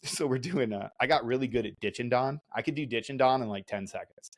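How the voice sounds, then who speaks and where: A man hosting a podcast, casually telling animated stories, acting out voices and laughing often. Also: mid-range voice, quick pace. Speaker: podcast host. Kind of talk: casual storytelling chat.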